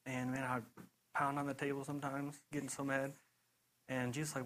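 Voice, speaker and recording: With a faint hiss under a rough recording, a young man at an ordinary middle pitch speaks briskly in a casual sermon testimony. His delivery is loose and rambling, animated storytelling full of "you know" and laughter at his own tales.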